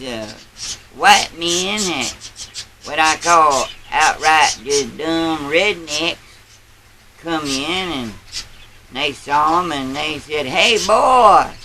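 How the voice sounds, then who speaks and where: Guy doing a bragging old grandpa, slow easy drawl, bright kinda high voice. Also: slight background noise, exaggerated voice, rough recording. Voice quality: folksy drawl, rambling. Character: boastful old country grandpa spinning tall tales. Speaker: storyteller. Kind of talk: character storytelling.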